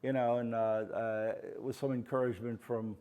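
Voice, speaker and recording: A man's voice: medium pitch, fairly even intonation, normal speed, mellow. An older man from the Pittsburgh area, speaking as the featured artist at a gallery talk and telling rambling, anecdotal stories to an audience, with many "you know" fillers. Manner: acts out quoted voices in his stories. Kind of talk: storytelling at a live artist talk. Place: art gallery, before an audience.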